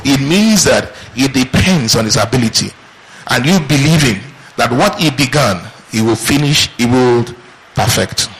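A man's voice: medium pitch, fairly bright tone, low-quality recording. A man preaching a sermon, asking rhetorical questions and answering them in call-and-response. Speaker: pastor.

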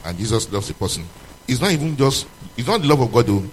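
A man preaching a sermon to a congregation, moving between loud, emphatic questions and low, quiet passages. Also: very animated, fast, slight background noise, rough recording.

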